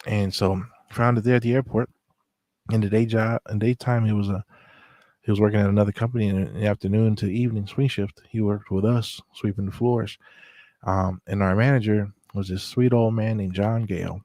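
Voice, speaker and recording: A man's voice: on the low side, steady tone, fairly quick, mellow, no echo. A man telling personal stories in a laid-back, rambling way, with lots of fillers and restarts. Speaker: storyteller recounting memories. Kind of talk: casual spoken storytelling.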